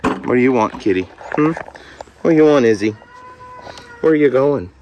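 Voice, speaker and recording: Man, mid-pitched, joking banter with livestock outdoors, faint farmyard noise. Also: lively intonation, moderate pace, muffled recording. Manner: joking, coaxing, talks to animals like pals. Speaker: homesteader vlogger. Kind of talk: casual chat to farm animals. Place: outdoors at a barn.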